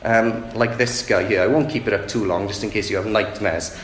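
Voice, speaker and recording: A man's voice: fairly low pitch, fairly even intonation, brisk. A man preaching a sermon in a conversational way, often asking the listeners rhetorical questions. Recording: echoey room with faint background noise.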